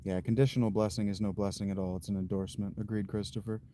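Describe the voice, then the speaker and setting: Low, mellow-voiced man chatting with viewers. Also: level tone, slight background noise. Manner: unhurried, thinks aloud with fillers and restarts. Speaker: livestream host. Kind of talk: casual chat reading viewer comments.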